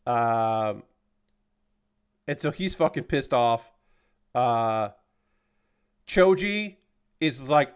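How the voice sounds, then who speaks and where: A man's voice: medium pitch, expressive, drawn-out words, pauses often, clear, resonant tone. A man casually recapping an anime episode on a livestream, loose and profane, with lots of fillers and restarts. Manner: gets heated and indignant when he talks about unfair characters.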